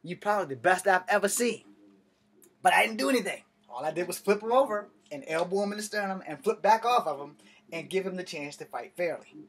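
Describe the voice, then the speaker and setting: A man's voice: high-pitched, fast, husky. Profane young man telling a story. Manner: animated, profane, conversational. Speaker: comedian. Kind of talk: stand-up storytelling.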